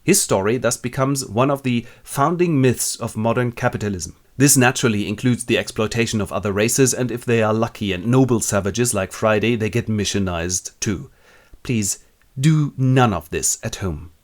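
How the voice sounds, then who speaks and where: A man's voice: lowish voice, normal speed, few pauses. A man narrating a comic literature summary in a wry, ironic, playful way.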